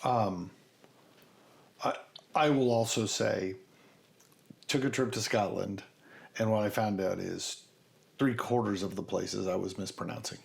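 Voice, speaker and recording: Gravelly-voiced man chatting on a podcast. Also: on the low side, a little slow, long pauses. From north central Kansas, USA. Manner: animated, explains with asides and jokes. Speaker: podcast co-host. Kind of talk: casual chat.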